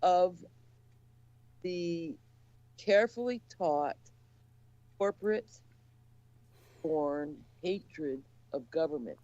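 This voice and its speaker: A man with a high, lively voice cuts into a casual chat with short, emphatic remarks. His audio sounds dull and dry, as if it were coming in from a remote line. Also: extremely slow, pauses often, no room sound.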